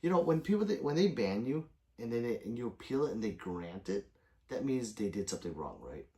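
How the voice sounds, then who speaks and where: A middle-aged man hosts a late-night livestream, chatting loosely with viewers at his desk mic and reading their messages aloud. His talk rambles and is peppered with swearing. His pitch swings widely, rising and dropping from phrase to phrase. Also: big pitch swings, fairly quick, warm tone. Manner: loose and rambling, swears often, answers chat by name. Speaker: livestream host reading chat.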